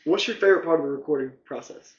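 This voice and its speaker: A man's voice: fairly high pitch, rapid-fire, echoey room, highs cut off, very noisy. A young man hosting a casual interview, asking friendly, engaged questions. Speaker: host.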